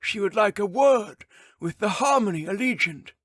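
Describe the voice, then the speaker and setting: A man voicing a loud, high-voiced male ruler who speaks in a stately, formal royal manner. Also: expressive, moderate pace, no echo, studio quality. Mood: regal. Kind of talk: audiobook character voice.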